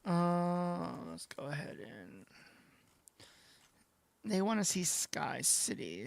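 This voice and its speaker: A woman's voice: fairly low pitch, sing-song, slow pace, creaky, pauses often, no echo. Chatty woman streaming a game. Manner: chatty, reacts aloud to the match. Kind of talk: casual livestream commentary.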